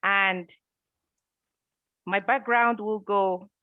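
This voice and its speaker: A speaker acting as timer at an online club meeting, reciting a poem in a measured way and explaining the timing. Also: medium pitch, steady tone, no echo. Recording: tinny phone-like line.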